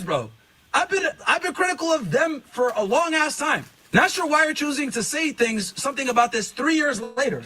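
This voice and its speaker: A man's voice: extremely high pitch, big pitch swings, normal speed, bright, forceful tone. A man hosting a live stream, retelling an exchange of messages in a profane, incredulous, storytelling way. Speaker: streamer reacting to clips.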